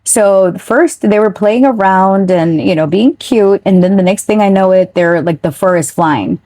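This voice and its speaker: A woman's voice: medium pitch, a little slow, dark tone, no room sound. A woman giving a casual, chatty tarot reading straight to her viewers, now and then swearing offhand. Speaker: tarot reader.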